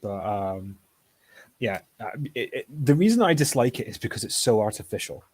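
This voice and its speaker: A man on a casual online panel chat who talks haltingly, with lots of restarts. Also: on the low side, sing-song, a little mellow, slightly rough. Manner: hesitant, many restarts.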